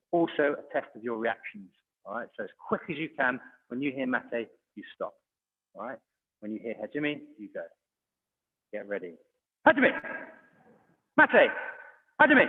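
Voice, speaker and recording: A man coaching a children's online exercise class, encouraging and calling out commands. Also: medium pitch. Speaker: judo coach. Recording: phone-like audio, long hall reverb.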